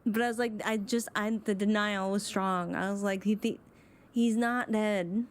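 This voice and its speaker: A woman gaming streamer giving casual, animated commentary while she plays, reacting freely and swearing now and then. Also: medium pitch, moderate pace. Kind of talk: casual let's-play commentary. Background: faint game music.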